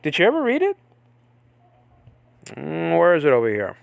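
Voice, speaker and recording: A man's voice: a little high, huge pitch swings, moderate pace, gravelly, no room sound. Rambling man teaching, dry close sound. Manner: rambling, filler-heavy, keeps asking "okay?". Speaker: Bible teacher. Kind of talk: informal Bible-study lecture.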